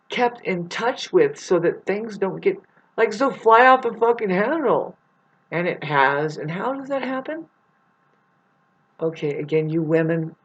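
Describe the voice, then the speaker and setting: A woman rambles through a spiritual monologue with plenty of swearing, her voice a touch low. She drifts from soft asides to loud bursts. The recording is dull and lo-fi. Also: husky. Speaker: vlogger.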